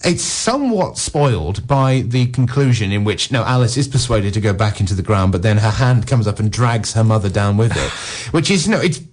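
A male film critic on a radio show, talking casually and at length, with frequent "you know" fillers and quick asides. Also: lowish voice, expressive. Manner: discursive, peppered with "you know" and "no"; acts out characters' lines in passing.

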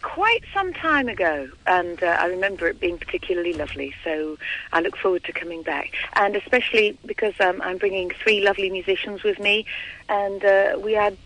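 A woman's voice: mid-range voice, expressive, fairly quick, a bit bright, rough recording. A woman singer giving a phone interview, speaking enthusiastically and effusively. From England. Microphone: telephone.

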